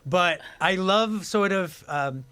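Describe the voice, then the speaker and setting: A man chatting as a guest actor in an interview, animated and acting out quick impressions as he tells stories. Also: sits high, clear, resonant tone. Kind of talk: casual interview chat.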